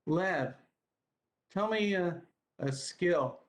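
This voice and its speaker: A man's voice: high-pitched, drawn-out words. A man leading an online devotional lesson for children over a video call, patiently spelling words out letter by letter.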